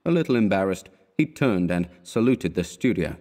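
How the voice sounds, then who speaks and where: A man reading a classic short story aloud as an audiobook narrator, in a measured, deliberate storytelling manner. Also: low-pitched, very animated, a little mellow.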